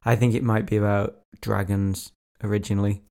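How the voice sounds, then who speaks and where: A man's voice: lowish voice, flat delivery, brisk, vocal fry, darkish tone. A man co-hosting a podcast, musing and thinking aloud in casual chat. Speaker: podcast co-host.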